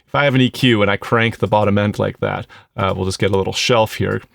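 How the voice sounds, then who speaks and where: A man's voice: fairly low pitch, steady tone, fast talker, creaky, heavy background noise. A man reviewing an audio plugin in a casual, explanatory tutorial, thinking aloud as he goes. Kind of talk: casual screen-recorded tutorial.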